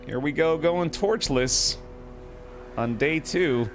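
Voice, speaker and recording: A man's voice: on the high side, takes it slowly, pauses often. A man giving casual gameplay commentary, joking, swearing and laughing at himself. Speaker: gaming streamer. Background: game music.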